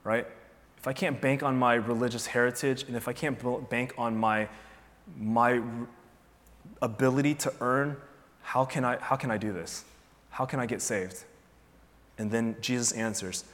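A man preaches in an easygoing, animated way and keeps turning to the listeners with rhetorical questions. His voice sits at an ordinary middle pitch. The sound rings with the long echo of a large hall. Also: normal speed, pauses often. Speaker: pastor. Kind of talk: sermon.

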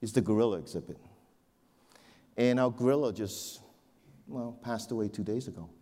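A man doing a hushed, apologetic zoo boss. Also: fairly low pitch, moderate pace, long reverb tail, pitched below the performer's own voice, natural voice. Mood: confiding. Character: apologetic middle-aged male zoo manager.

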